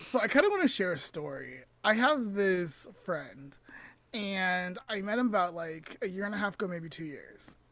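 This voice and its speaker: A woman co-hosting a podcast, telling stories in casual chat, animated and full of fillers. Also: lowish voice, normal speed. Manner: animated storyteller, many fillers. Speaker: podcast co-host.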